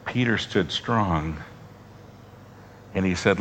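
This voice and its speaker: A man preaching a sermon to a congregation, moving from strong, raised passages down to soft, almost whispered lines with long pauses. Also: sits low, lively intonation, lo-fi sound, a little hiss or hum. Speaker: pastor.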